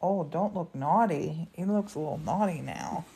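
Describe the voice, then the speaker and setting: A middle-aged woman with an American accent, chatting warmly and laughing often while co-hosting a live crafting stream. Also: deep voice, normal speed, vocal fry, noisy background. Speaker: co-host of a live glassmaking stream. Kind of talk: casual chat.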